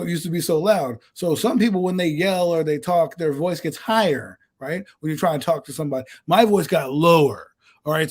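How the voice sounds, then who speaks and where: Loud raspy-voiced man. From New Jersey. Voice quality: deep, raspy voice. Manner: loud and intense, animated storytelling. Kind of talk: casual sports talk.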